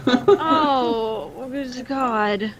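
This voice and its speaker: A woman at the gaming table speaks in a high voice, firing off quick, exasperated reactions to the game. Her talk is loose and casual, breaking into laughter between comments. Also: lo-fi sound, slight background noise. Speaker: player.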